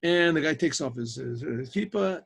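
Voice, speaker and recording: A man's voice: a little high, moderate pace, creaky, slightly rough. A man, a rabbi, telling a story to students over a video call, often stammering and restarting his phrases. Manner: animated, with stammered restarts and repetitions. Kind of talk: storytelling lecture.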